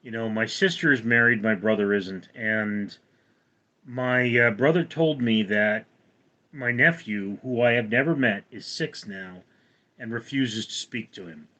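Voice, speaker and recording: A man's voice: lowish voice, measured pace, pushed and bright, muffled recording. Rambling man chatting on a livestream. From California. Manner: rambling, reads chat aloud. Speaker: livestream host. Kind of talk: casual livestream chat.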